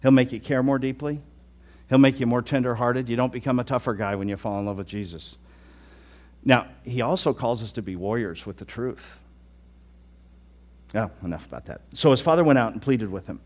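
A middle-aged man preaches a sermon to a live congregation. His delivery is conversational and earnest, and he often doubles back on his words and restarts phrases. His pitch sits in an ordinary middle range for a man. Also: brisk, a little mellow. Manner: conversational preaching with frequent word repeats and restarts. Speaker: pastor. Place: church hall with a live congregation.

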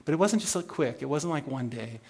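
A man's voice: fairly high pitch, expressive, fairly quick, vocal fry, darkish tone, breathy edge. A man leading an informal Bible study, talking through a passage with many fillers and restarts.

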